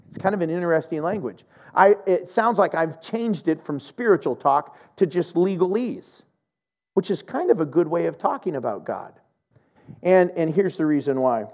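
This is a man giving a sermon as a pastor, and his voice sits a little higher than most men's. He moves from plain teaching into animated storytelling, playing the people in his story with lively, shifting voices. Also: normal speed.

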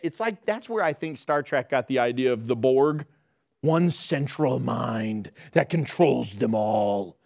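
Pastor, male, middle-aged: high gravelly voice, self-mocking humor in the sermon. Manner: joking, self-mocking storytelling.

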